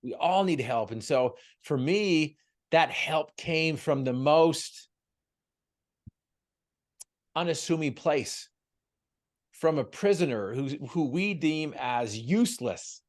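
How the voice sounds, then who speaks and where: A man appearing as a guest on an interview show, a motivational speaker, tells a heartfelt personal story. His voice is on the high side and animated, moving slowly with frequent pauses. He speaks earnestly and emotionally, often stumbling and repeating words.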